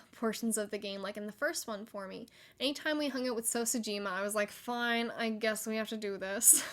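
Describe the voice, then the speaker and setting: A young woman hosting a solo gaming podcast, chatty and excitable, with frequent likes and laughter. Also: fairly high pitch. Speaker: podcast host.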